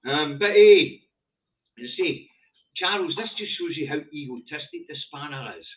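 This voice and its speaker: Animated Scottish man on phone-quality line. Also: moderate pace. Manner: animated, indignant, pitch jumping up on emphasis. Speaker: co-host. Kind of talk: casual political chat. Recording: distant, phone-like audio.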